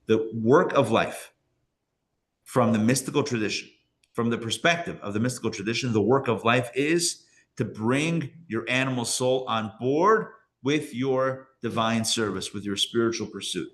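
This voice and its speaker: A man, a rabbi, teaching a live class to an audience in a lively way, often checking in with listeners and repeating phrases for emphasis. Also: medium pitch, moderate pace.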